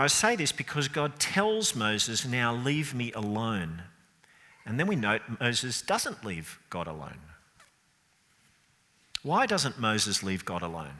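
A man preaching a sermon, expressive and building to emphatic peaks. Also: medium pitch. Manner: expressive, rising emphatic delivery. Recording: long reverb of a large hall.

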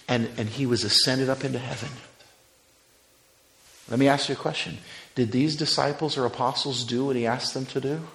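A man's voice: mid-range voice, steady tone, moderate pace, creaky, long pauses. Fervent preaching man in an echoey church. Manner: swings from loud fervent preaching to soft prayer. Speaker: pastor. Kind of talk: sermon and closing prayer.

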